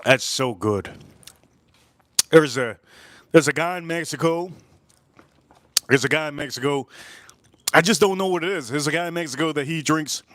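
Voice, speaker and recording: A man's voice: a bit bright, no room sound. Rambling, jokey male stream host. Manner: rambling, jokey storyteller with quick bursts and slow drawn-out remarks; slips into high put-on voices for quoted people. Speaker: host of a live drink-tasting stream. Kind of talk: casual live-stream chat.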